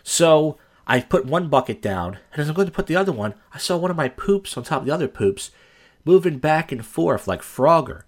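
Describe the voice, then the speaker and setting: A man's voice: fairly high pitch, animated, brisk. A man hosting a podcast, telling crude, rambling, self-deprecating stories in a casual monologue. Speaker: podcast host.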